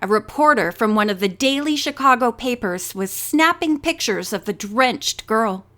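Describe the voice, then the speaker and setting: A woman narrating a mystery novel as an audiobook reader in a steady, measured manner. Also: on the high side. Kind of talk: reading a novel aloud.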